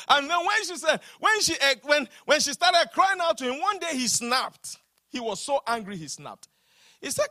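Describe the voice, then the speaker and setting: A man preaching a sermon, calling for the congregation to repeat lines and slowing down to stress his words. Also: very high voice, very animated, pushed and bright, no echo, clean studio sound. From Nigeria. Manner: emphatic preaching with call-and-response, slows down to stress lines. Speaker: pastor.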